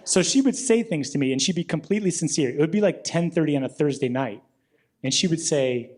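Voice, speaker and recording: A man in his thirties doing a deadpan stand-up set on a club stage into a handheld mic. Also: on the high side, brisk. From Illinois. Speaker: stand-up comedian.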